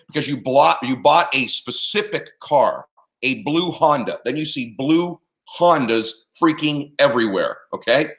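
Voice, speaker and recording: A man's voice: fairly high pitch, a bit bright. A man giving punchy, emphatic advice as an interview guest, often checking that his listeners follow. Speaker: interview guest, performance coach. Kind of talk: motivational interview answer.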